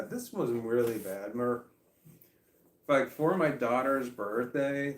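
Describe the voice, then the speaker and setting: A man's voice: mid-range voice, far from the mic. A middle-aged man telling a story in casual vlog style, rambling, swearing freely and restarting his sentences often. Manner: rambling, profane, frequent restarts. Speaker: vlogger. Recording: echoey room.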